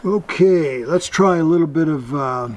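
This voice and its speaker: Chatty vlog host, man, a bit higher voice, chuckles a lot; noisy home recording. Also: measured pace. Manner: chatty, chuckles often, thinks aloud. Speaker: vlog host reviewing military rations. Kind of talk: casual show-and-tell commentary.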